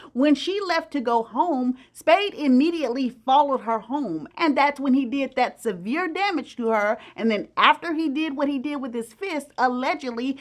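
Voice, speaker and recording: High-voiced woman telling a crime story. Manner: animated, acts out quoted voices. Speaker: storytelling host. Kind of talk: casual true-crime storytelling.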